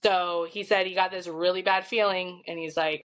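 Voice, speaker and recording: A middle-aged woman with a Midwestern American accent, a podcast guest telling a story in an animated, chatty way. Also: fairly low pitch, moderate pace. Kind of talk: casual storytelling.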